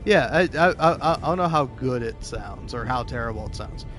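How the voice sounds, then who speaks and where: A man's voice: mid-range voice, lively intonation, normal speed. Rambling, joking young man over game music. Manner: rambling, many restarts, profane, jokey. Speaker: YouTuber, gameplay commentator. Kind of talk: casual gameplay commentary.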